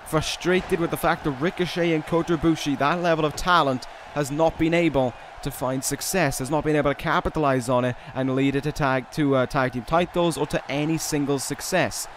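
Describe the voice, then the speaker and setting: A man's voice: a little high, fairly quick, few pauses, slight background noise. Man calling game wrestling, casual and rambling. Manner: casual, rambling asides with restarts, excited calls on big moves. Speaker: gaming video host. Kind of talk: play-by-play commentary over a wrestling video game.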